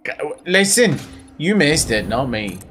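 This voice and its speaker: This Northern Irish streamer from Belfast offers rambling gameplay commentary at his own expense, sometimes erupting into silly sounds. His voice runs on the high side, sing-song and a bit bright, slightly slow, over faint background noise.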